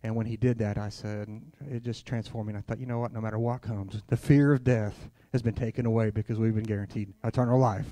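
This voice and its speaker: A man's voice: on the low side, level tone, fast, hardly any pauses, mellow, no echo. A man preaching a sermon at a church conference, telling stories in a candid, conversational way and sprinkling in "hallelujah.". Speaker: guest preacher.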